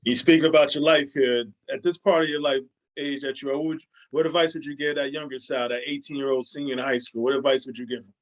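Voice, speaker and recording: A man's voice: medium pitch, steady tone, fast talker, hardly any pauses, distant mic, rough recording. A man hosting an interview, asking probing questions and offering brief affirmations. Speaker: host.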